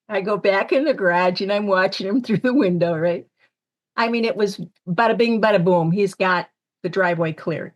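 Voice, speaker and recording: Animated woman telling stories. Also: mid-range voice, moderate pace. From Syracuse, New York area. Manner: animated storyteller acting out quoted lines. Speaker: medium, panel guest. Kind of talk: storytelling on a panel podcast.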